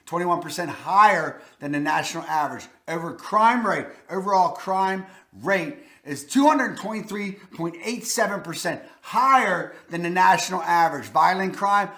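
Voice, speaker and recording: A man's voice: high voice, bright, forceful tone. A man in his forties with a Baltimore accent, hosting a blunt, folksy countdown of places to live. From Maryland. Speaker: real estate video host. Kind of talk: casual countdown commentary. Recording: echoey room.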